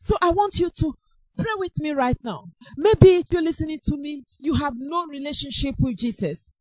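A woman preaching a sermon with impassioned, repetitive exhortation that rises to shouts. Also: sits high, moderate pace, no echo, poor audio.

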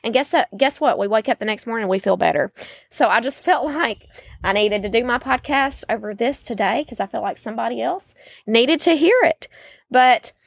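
Chatty mom, folksy. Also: female voice, fairly high pitch, expressive, normal speed, creaky, no echo. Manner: chatty, folksy, lots of fillers. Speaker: podcast host. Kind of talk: faith-based podcast talk.

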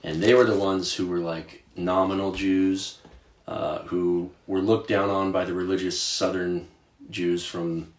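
Man, very low voice, casual podcast co-host, storytelling, roomy echo. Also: a little slow. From Virginia. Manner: conversational, animated storytelling with filler words. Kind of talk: casual Bible discussion.

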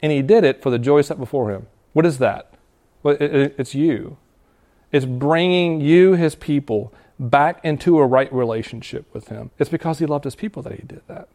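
Fairly high and mellow, a man's voice carries an earnest, conversational sermon to students. As a pastor he reads scripture and explains it, stopping to restart and breaking into quick laughs.

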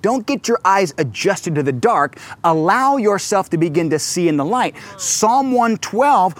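A middle-aged pastor preaching a sermon into a stage microphone. His voice sits a little high for a man, and he tells stories in an animated way, acting out quotes. He slows down to stress scripture. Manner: animated storytelling with acted quotes.

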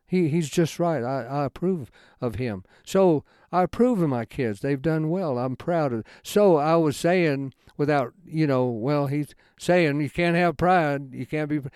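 Man teaching scripture, folksy and halting, smooth voice, slightly high, dry close sound. Plain conversational delivery. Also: darkish tone, no echo. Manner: rambling and halting, with many restarts. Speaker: Bible teacher. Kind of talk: informal Bible study talk.

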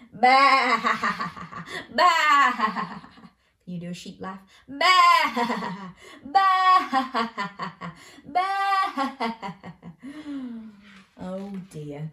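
A woman's voice: medium pitch, reverberant. A woman hosting a children's show, reading a bedtime story aloud playfully and asking the listener questions.

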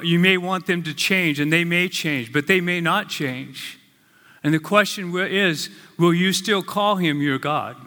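A male pastor preaching a sermon, with slow, earnest, emphatic phrases. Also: on the high side, sharp tone. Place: church sanctuary. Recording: long reverb of a large hall.

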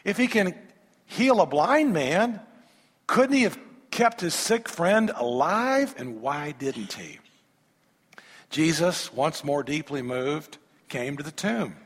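A man preaching a sermon, reading scripture aloud and breaking in with animated rhetorical questions and humorous asides to the congregation. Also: on the high side, slow pace, husky. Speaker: pastor. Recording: long reverb of a large hall.

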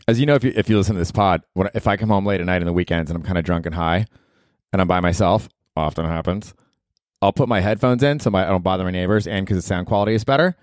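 A man in his thirties with a fairly low voice hosts a casual solo podcast. He rambles through profane stories and laughs along. The sound is dry and close, with no room sound. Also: quick pace, darkish tone, no echo. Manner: rambling, profane storytelling with chuckles. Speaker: podcast host.

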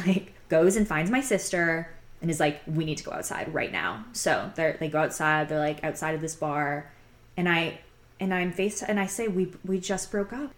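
A woman's voice: lowish voice, normal speed. A young woman casually telling a personal story, rambling and candid, with many fillers. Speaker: podcast host telling her own story.

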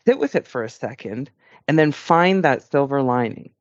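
A man's voice: mid-range voice, expressive, normal speed, no echo, dull audio. A man co-hosting a podcast, speaking in an earnest, reflective and encouraging way. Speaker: podcast co-host. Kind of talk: casual podcast chat.

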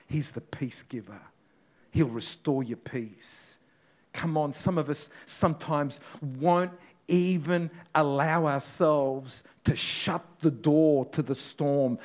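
Pastor preaching: animated male voice, slightly high, dramatic storyteller. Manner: dramatic storytelling, swinging from loud to hushed. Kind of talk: sermon.

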